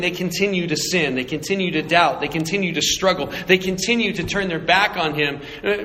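A man preaching a sermon, animated and acting out little voices and jokes. He grew up in Arizona. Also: on the high side, long reverb tail, slight background noise. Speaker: pastor.

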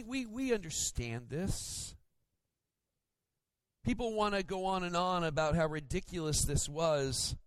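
A male pastor preaching a sermon, storytelling in an animated way with playful mimicry. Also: high voice, dry recording.

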